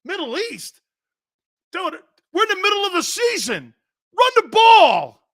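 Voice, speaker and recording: A man putting on the voice of a furious male football fan at a protest, shouting slowly and emphatically. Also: extremely high pitch, very animated, vocal fry, pitched above the performer's own voice, exaggerated voice. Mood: angry shouting.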